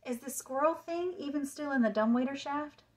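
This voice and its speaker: An eager young boy with a raised, excited voice, put on by a woman reading aloud. He is easily worried, and his lines pop up a little higher than the narration around them. It has the feel of a storybook read-aloud. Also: moderate pace, lightly acted.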